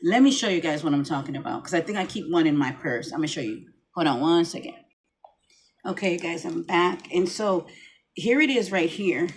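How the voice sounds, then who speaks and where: A woman's voice: on the low side, expressive, a little fast, slight background noise. A middle-aged woman talking casually to her camera at home, rambling with many restarts. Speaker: vlogger. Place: home room, lights dimmed.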